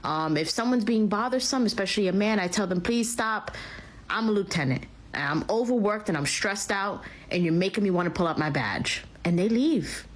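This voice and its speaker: A woman's voice: mid-range voice, animated, normal speed. A woman telling a story to her followers in a smug, boastful way. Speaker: social media poster. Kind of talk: casual storytelling to camera.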